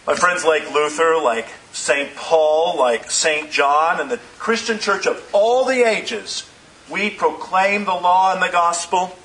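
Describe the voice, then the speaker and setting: A man preaching a sermon as pastor, in measured phrases that slow down for emphasis. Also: high voice, sharp tone, low-quality recording.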